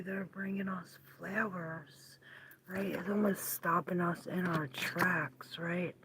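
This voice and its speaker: A woman giving a live-streamed tarot reading, musing aloud and often drifting into soft half-whispers. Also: lowish voice, a little hiss or hum, low-quality recording. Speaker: tarot reader.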